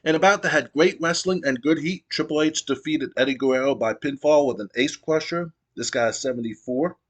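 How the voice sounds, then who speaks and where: A man's voice: fairly high pitch, brisk. A man casually narrating a wrestling sim playthrough with many fillers and restarts. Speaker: gamer playing a wrestling sim. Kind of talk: casual let's-play narration.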